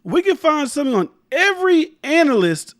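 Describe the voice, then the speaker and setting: A man's voice: extremely high pitch, big pitch swings, normal speed, dry recording, studio quality. A man hosting his own commentary show, talking emphatically and rambling, swearing freely and often restarting his sentences. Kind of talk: casual opinion commentary.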